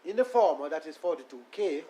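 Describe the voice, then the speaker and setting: Lawyer arguing before judges. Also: male voice, fairly high pitch, animated, mellow, poor audio. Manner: deferential, measured, reads submissions aloud. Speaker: defense attorney. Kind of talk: courtroom legal argument. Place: courtroom.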